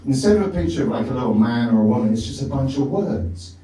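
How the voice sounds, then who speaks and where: Middle-aged comic in an echoey club. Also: male voice, medium pitch, animated, fast, mellow. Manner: rambling self-mocking with frequent laughs and filler. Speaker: stand-up comedian. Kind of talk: stand-up comedy set. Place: comedy club stage. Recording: echoey club from far off with crowd.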